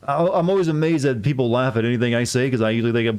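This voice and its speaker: A man's voice: mid-range voice, steady tone, very fast, few pauses, a little mellow, smooth. A man chatting casually while streaming a game, rambling and joking at his own expense, full of fillers and restarts. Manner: rambling, self-deprecating joker with many fillers and restarts. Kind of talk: casual live-stream chat while playing.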